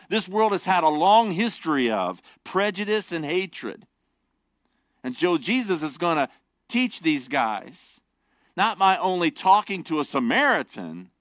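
Animated, lively-pitched male preacher. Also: no echo. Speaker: pastor. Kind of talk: sermon.

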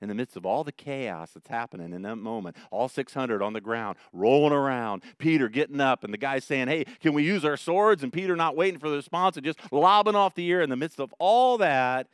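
Male pastor, sermon delivery, smooth clear voice, dry close sound, animated retelling. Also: mid-range voice, fairly quick, hardly any pauses, dry recording. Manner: animated, dramatic retelling with rising emphasis. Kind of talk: expository sermon.

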